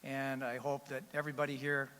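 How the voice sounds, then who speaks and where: A man's voice: medium pitch, completely flat delivery, brisk, bright, forceful tone, clear, resonant tone. A man in his seventies, a retired coach, giving a folksy, conversational acceptance speech at a podium in a large banquet hall. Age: 70s. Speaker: retired hockey coach, inductee. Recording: long reverb of a large hall.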